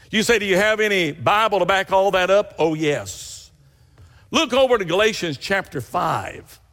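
A man's voice: high-pitched, fairly bright tone, in a large hall. A man preaching a sermon, telling folksy stories with rising emphatic bursts.

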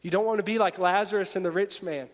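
A man preaching a sermon in an earnest, emphatic voice. His pitch sits high for a man. The sound rings with a long hall reverb. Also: fairly even intonation, fast talker. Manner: earnest, rising to forceful emphasis.

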